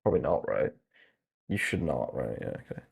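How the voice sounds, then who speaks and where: A young man hosting a casual livestream, thinking aloud as he browses, excitable, laughing often and muttering asides to himself. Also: rumbling low, normal speed, vocal fry, husky. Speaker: host.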